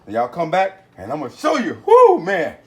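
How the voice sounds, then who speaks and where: A man hosting a home cooking video, talking folksy and excitable, with catchphrases aimed at his viewers. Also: on the high side, fairly quick, crowd noise. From Texas. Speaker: home cooking channel host. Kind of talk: casual cooking video talk. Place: home kitchen.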